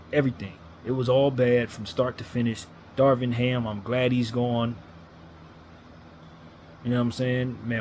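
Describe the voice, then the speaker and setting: A man's voice: mid-range voice, a little mellow, slight background noise. A man ranting as a sports fan commentator, blunt and frustrated, hammering his points with repetition.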